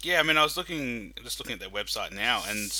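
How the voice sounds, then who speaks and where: A man co-hosting a casual chat, enthusiastic and expressive. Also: mid-range voice, fast talker, slight background noise, rough recording. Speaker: podcast co-host.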